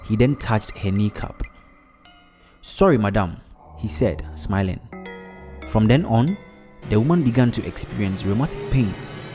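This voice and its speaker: A man narrating a story in a measured, even delivery. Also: on the low side, soft background music. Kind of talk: storybook narration with character voices.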